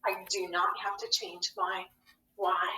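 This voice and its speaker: A woman's voice: medium pitch, very animated, a little slow, bright, forceful tone, distant mic, slight background noise. A woman teaching a phonics lesson to young children. She speaks patiently, asking questions and answering them herself. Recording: echoey classroom, voice from off the mic.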